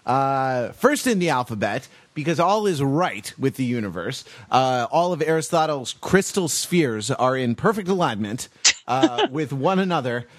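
A man's voice: medium pitch, sing-song, normal speed, dry recording. A man hosting a podcast, rambling and playful, with lots of fillers. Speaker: podcast host. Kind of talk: casual podcast banter.

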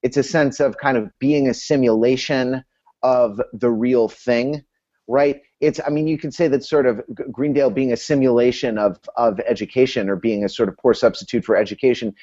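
A man's voice: mid-range voice, fairly even intonation, normal speed, mellow, dull audio. Hesitant, academic man on a video call. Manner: academic, hesitant, many restarts. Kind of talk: casual analytical discussion.

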